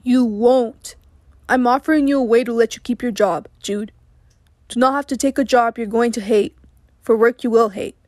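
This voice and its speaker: A woman's voice: a little high, normal speed, a little mellow, no echo, studio quality, natural voice. A woman voicing an older man, an earnest and disappointed mentor who presses with questions, in an audiobook reading. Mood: pleading.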